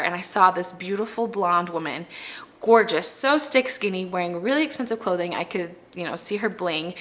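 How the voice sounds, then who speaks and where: A young woman, pregnant, speaks straight to her camera in a casual vlog, sharing earnest tips with other mothers. Her voice is clear and bright, set in an ordinary middle pitch. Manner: earnest and heartfelt, addressing moms directly. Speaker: mommy vlogger.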